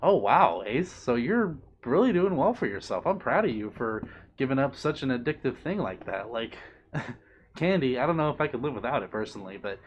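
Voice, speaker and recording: A man's voice: big pitch swings, moderate pace, lo-fi sound, a little hiss or hum. Bubbly, doting man chatting on a stream. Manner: playful, doting, bubbly, with big pitch swings. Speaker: livestreamer reading chat. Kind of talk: casual live-stream chat.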